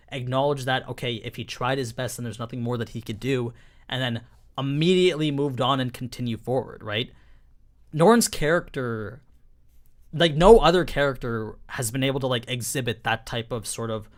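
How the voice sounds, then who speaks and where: A young man hosting a casual live-stream anime review, talking in a chatty, emphatic way, full of 'like' and 'you know'. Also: mid-range voice.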